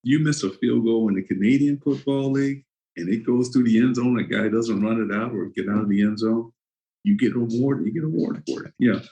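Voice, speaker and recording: On lo-fi audio, a man in his sixties who once played football spins anecdotes as an interview guest, acting them out and laughing frequently. His mid-range voice is mellow and a little fast in this casual conversation.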